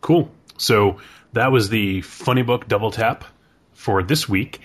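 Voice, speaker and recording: A man hosting a podcast, chatting in a relaxed, hesitant way. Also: fairly low pitch, measured pace. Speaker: podcast host. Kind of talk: casual chat.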